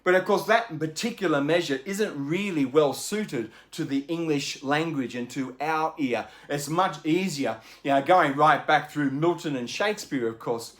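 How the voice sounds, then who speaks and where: A man's voice: a little high, moderate pace, few pauses, a bit bright. A man hosting a book channel, explaining in a chatty, enthusiastic way with lots of asides. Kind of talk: casual explanatory book talk.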